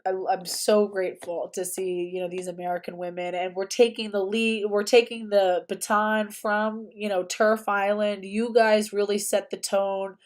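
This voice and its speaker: A woman's voice: medium pitch, level tone, moderate pace, few pauses. A young woman hosting a livestream, talking casually and emphatically and often repeating herself. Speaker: livestream host.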